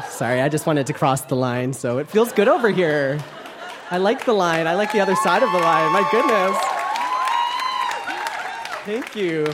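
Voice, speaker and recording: A man's voice: a little high, noisy background. Campy young man doing stand-up. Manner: campy, playful, self-mocking. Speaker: stand-up comedian. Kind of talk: stand-up comedy set. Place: comedy club stage. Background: audience laughter.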